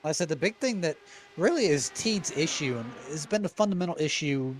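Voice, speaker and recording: A male color commentator with a slightly higher voice, working through race strategy out loud in an analytical way. He leans on the same words as he reasons. A faint noise hangs behind him. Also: lively intonation, a little fast. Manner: analytical, repeats "effectively". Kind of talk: live racing analysis.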